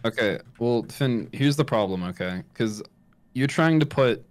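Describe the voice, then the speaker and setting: Deadpan teasing young man. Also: mid-range voice, a little slow. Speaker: streamer guest. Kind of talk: casual chat.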